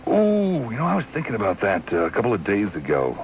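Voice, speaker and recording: A man hosting a call-in radio talk show, teasing callers and jumping around in pitch as he talks. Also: fast, a little hiss or hum, poor audio. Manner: lively, teasing, jumps in pitch.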